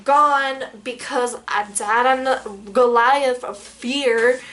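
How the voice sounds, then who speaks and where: A young woman with a high, light voice tells her story to the camera, animated and full of fillers. She slips into dramatic quoted outbursts as she goes. A faint hiss sits under her voice. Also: slow. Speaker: vlogger. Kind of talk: storytelling vlog.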